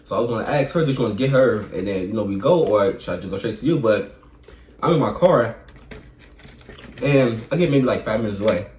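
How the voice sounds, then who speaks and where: A young man joining a vlog as co-host, telling a story in a relaxed, slangy way with laughs. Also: lowish voice, brisk. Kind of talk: casual storytelling. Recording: echoey room with faint hum.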